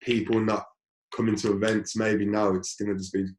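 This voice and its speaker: Dj guy, lowish voice, laid back chat, kinda echoey room. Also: brisk. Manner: relaxed, conversational with slang. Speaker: DJ in a music collective. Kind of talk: casual conversation.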